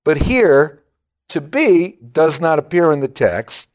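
A male preacher speaking slowly, with a slightly raised voice. He chuckles often and adds wry asides. The recording sounds a little dull and lo-fi. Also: fairly high pitch, very animated. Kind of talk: sermon.

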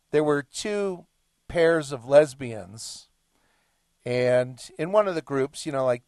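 A man's voice: mid-range voice, darkish tone, no room sound, studio quality. A middle-aged man hosting a talk show, delivering an emphatic, lecturing monologue. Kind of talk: monologue commentary.

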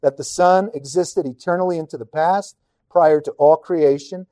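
A man teaching on a Bible passage in a measured, emphatic way, often repeating phrases for stress. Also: on the high side, steady tone, warm tone, dry recording, clean studio sound.

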